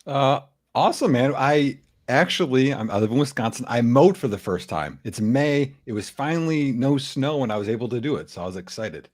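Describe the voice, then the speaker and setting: A man's voice: mid-range voice, lively intonation, fairly quick, darkish tone. A man guesting on a casual sports podcast, telling stories in a rambling way with lots of fillers. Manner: rambling storyteller, lots of likes.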